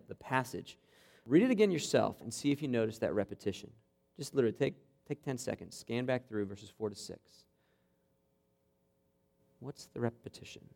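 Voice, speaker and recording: Male preacher, sermon, casual teaching tone, frequent "okay?", gets animated. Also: medium pitch, creaky. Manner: conversational, checks in with "okay?"; builds to animated, vivid retelling. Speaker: campus pastor.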